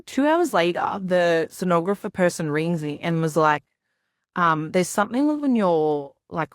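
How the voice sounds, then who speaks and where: A woman's voice: low-pitched, no room sound, studio quality. A young woman on a podcast, telling her story in a rambling, casual way full of "like" and quoted asides.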